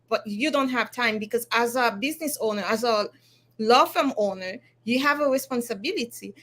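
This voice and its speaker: A woman speaks candidly as a guest in a podcast interview, reflecting on running her own practice. Her voice sits fairly high and sounds bright and forceful. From Haiti. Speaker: attorney and law firm owner, guest.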